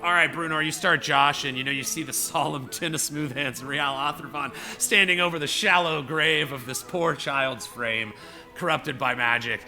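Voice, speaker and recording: A man's voice: fairly high pitch, moderate pace, sharp tone, faint music behind. A man narrating a tabletop game as game master, rambling with many fillers. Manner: rambling, filler-heavy storytelling.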